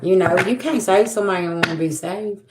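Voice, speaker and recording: A woman's voice: lowish voice, fast talker, echoey room, noisy background. A woman giving a livestream spiritual reading, talking bluntly and profanely, repeating herself as she scolds. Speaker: tarot reader.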